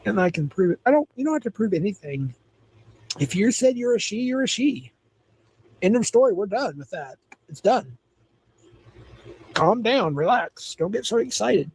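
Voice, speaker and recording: A man's voice: sits high, very animated, normal speed, pauses often, darkish tone, breathy edge, poor audio. A man in his forties hosting a livestream, answering viewers in a blunt, repetitive, scolding way. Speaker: livestream host. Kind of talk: livestream chat, reacting to viewers.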